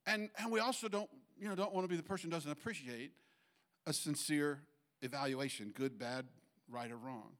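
A middle-aged man delivers a sermon as if he were chatting with the room. His voice sits somewhat high for a man. He restarts his sentences often and acts out little quotes to make his points. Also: brisk, a bit bright. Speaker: pastor.

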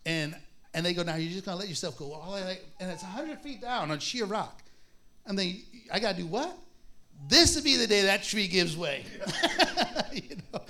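A man, probably a pastor, teaching a Bible study in a relaxed, conversational way, reading scripture slowly and acting out voices in his stories. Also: sits high. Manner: conversational, acts out voices in stories, laughs often; reads scripture aloud slowly.

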